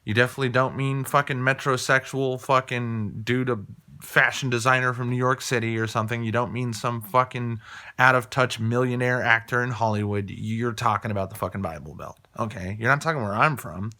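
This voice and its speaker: A man's voice: medium pitch, fairly even intonation, brisk, pushed and bright. A man from Colorado delivering a heated, profane opinion rant, hammering points home by repeating phrases. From Colorado, USA. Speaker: political commentator.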